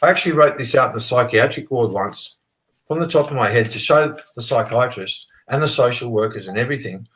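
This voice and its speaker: Australian man, guest, rambling, swearing, animated, mid pitch. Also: brisk, poor audio. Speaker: interview guest. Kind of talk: casual storytelling.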